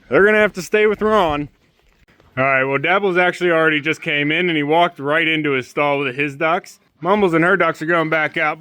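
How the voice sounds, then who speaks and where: Bright-voiced homesteader man coaxing his birds. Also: fairly high pitch, clean tone, no room sound. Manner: coaxing, sing-song talk to his birds and dog, then plain how-to explaining. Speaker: homesteader and channel host. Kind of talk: casual homestead vlog with talk to animals and explanations.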